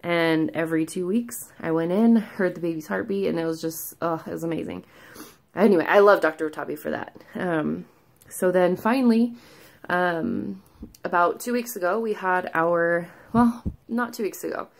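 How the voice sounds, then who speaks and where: A woman's voice: fairly low pitch, moderate pace, gravelly. A woman vlogger giving a candid, rambling personal update, a little out of breath and full of fillers. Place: at home, sitting.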